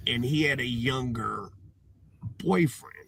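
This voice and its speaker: Man, gravelly voice, meandering video commentary, halting, faint background noise. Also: mid-range voice, a bit bright.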